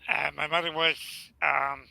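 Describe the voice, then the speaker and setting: A man with a Southern US accent telling a rambling family story in casual chat, halting with fillers. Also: on the high side, flat delivery, gravelly, pushed and bright, no room sound, poor audio. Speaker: channel host.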